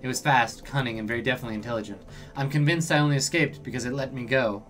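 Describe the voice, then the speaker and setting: A man voices an experienced woman hacker delivering a report in a cyberpunk game. She sounds matter-of-fact, at a middle pitch, with faint music underneath. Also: rapid-fire, fairly bright tone, lightly acted. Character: seasoned woman information broker.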